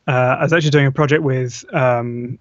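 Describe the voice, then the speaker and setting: A man, a voice actor, answering interview questions in a modest, hesitant way with many pauses. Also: medium pitch, steady tone, dry recording, muffled recording. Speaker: voice actor guest. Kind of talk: casual online interview.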